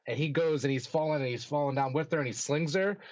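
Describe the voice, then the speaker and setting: A young man chats on a podcast with a slightly raised pitch, excited and swearing freely. His voice sounds dry and dull, as from a lo-fi recording. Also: fast talker, no echo. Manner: excited, swearing, laughing often. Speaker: podcast co-host. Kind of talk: casual chat.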